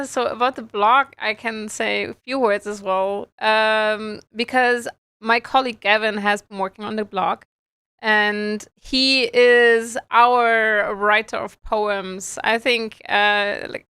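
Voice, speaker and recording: Slow-talking bright-voiced woman host. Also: fairly high pitch, steady tone, smooth, no echo. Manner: chatty, giggly, explains slowly. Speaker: community host. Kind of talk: casual live stream chat.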